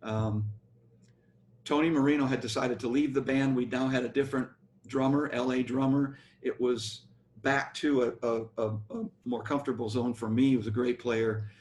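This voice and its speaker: An older American man, a bass player, telling rambling stories about his career in an interview. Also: fairly even intonation, moderate pace, a little mellow, slight background noise. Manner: rambling anecdotal storytelling with restarts. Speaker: guest musician, bass player. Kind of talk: storytelling interview.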